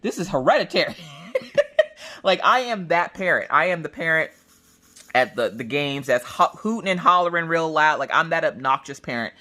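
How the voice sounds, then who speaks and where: A woman crafting vlogger chatting casually, telling family stories with lots of restarts and acted-out voices. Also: moderate pace. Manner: animated, acts out family members in shrill high voices; chatty, with many restarts and "look, listen". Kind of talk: casual storytelling chat.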